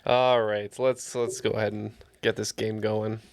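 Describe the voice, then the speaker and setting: A man playing in a podcast trivia game, playful and quick with jokes. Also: fairly low pitch, little pitch movement, creaky, clean tone, no room sound. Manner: playful, punning. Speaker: regular contestant. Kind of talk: casual chat.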